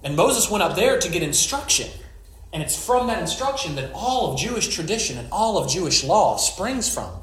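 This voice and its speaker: A pastor delivers a relaxed, conversational sermon, turning scripture into stories sprinkled with wisecracks and asides. His slightly high voice swings widely in pitch at a moderate pace, and the sound has a roomy echo.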